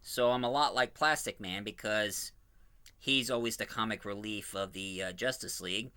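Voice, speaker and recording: Give me a rambling, enthusiastic man previewing his fan audio drama, with a bright, slightly low voice. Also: normal speed, smooth. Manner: rambling, self-correcting, enthusiastic. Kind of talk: casual preview talk.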